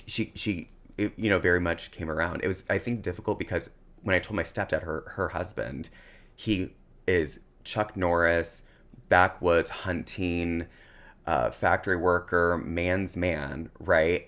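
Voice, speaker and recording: Male podcast co-host, low and gravelly, emotional storyteller. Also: a little slow. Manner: emotional, tearful at times, animated storytelling. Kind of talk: casual chat, personal storytelling.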